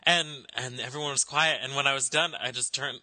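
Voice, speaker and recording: A man hosting a podcast interview, chatty and quick to laugh. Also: medium pitch, bright, forceful tone, no echo. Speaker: podcast host. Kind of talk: casual interview chat.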